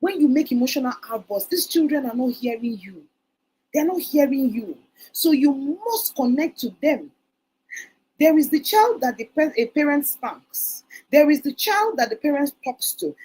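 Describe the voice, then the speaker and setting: Telling stories in a parenting talk at a conference hall, a woman acts out the words of parents. Her voice sits high with a darkish tone, and the recording is poor.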